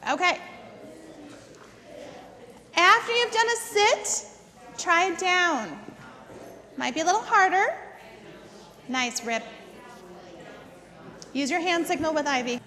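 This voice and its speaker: A woman's voice: extremely high pitch, big pitch swings, takes it slowly, pauses often, sharp tone, long reverb tail. A woman teaching a dog training class. She gives step-by-step instructions, repeats words for emphasis and often checks in with "okay?". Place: indoor dog training facility.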